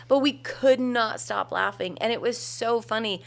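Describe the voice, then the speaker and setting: A woman's voice: on the high side, lively intonation, brisk, gravelly, hardly any pauses. A woman about to turn fifty, co-hosting a podcast, telling a story in easy casual chat and laughing readily. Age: 40s. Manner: storytelling, laughs easily, trailing off. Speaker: podcast co-host.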